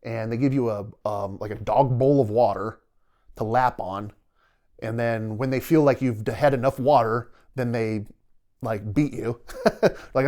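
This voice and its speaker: A man's voice: mid-range voice, fairly even intonation, normal speed, darkish tone. A middle-aged man, a podcast guest and retired soldier, telling stories in a rambling, vivid way and often quoting his own thoughts aloud. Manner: rambling, vivid retelling with quoted inner dialogue. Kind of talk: casual storytelling interview.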